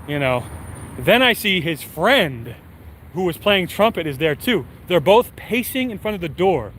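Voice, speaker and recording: Man with a fairly high voice, casual streamer, rambling storyteller, lots of fillers, faint background hum. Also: moderate pace. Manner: rambling, filler-heavy, animated retelling. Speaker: streamer answering chat.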